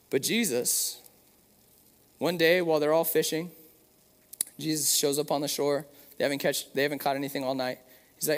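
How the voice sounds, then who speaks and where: A man's voice: fairly high pitch, steady tone, fairly quick. Conversational man preaching in a hall. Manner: conversational and earnest, with many fillers like "like" and "right". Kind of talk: sermon. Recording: long hall reverb.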